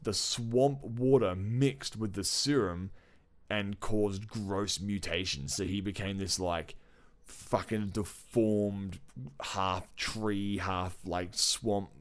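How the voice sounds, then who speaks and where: A man with a somewhat low voice co-hosting a casual podcast. He tells stories in an animated, excitable way and swears freely. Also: slow. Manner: animated storytelling, profane and excitable. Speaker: podcast co-host. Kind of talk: casual chat.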